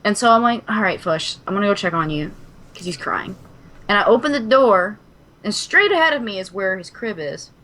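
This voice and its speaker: Female podcast co-host, casual storyteller, mid-pitched, expressive and foul-mouthed. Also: moderate pace. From Kentucky. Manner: animated, swears a lot, dramatic retelling.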